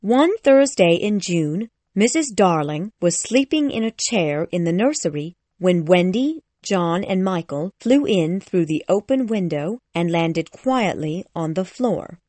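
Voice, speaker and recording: A woman narrating a graded reader audiobook in a slow, careful, clearly articulated way. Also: lowish voice, expressive, a little mellow, no room sound.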